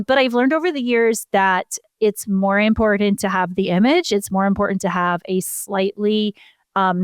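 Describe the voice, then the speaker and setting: A woman co-host talks through her own photography habits in a relaxed, explanatory way. Her voice is smooth and clear, recorded close on a dry mic. She often pokes fun at herself as she goes. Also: medium pitch, dry recording. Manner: chatty, explanatory, self-deprecating. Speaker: podcast co-host, horse photographer. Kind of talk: casual podcast chat.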